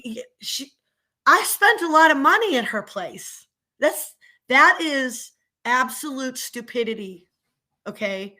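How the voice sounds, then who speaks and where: In a vlog, a middle-aged local commentator and small business owner unleashes a sarcastic, indignant tirade. Her voice leans high with a sharp edge as she rants angrily.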